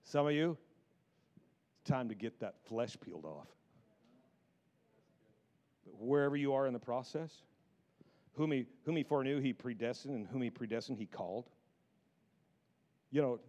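A man preaching a sermon in an animated, repetitive style that builds in emphasis. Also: medium pitch, a little fast, pauses often.

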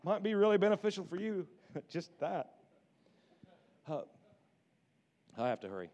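A high-voiced man preaches with playful energy. He drops to hushed, wry asides and then bursts into excited shouts. His delivery is that of a pastor keeping a congregation laughing. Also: measured pace. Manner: animated, jokey, swings from hushed to shouting. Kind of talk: sermon.

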